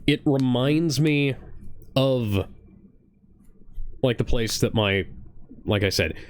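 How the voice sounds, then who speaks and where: An Ohio man co-hosts a casual reaction podcast from his home streaming setup, rambling earnestly and restarting his sentences often. His voice is medium-pitched and clean, he takes things slowly, and there's no echo.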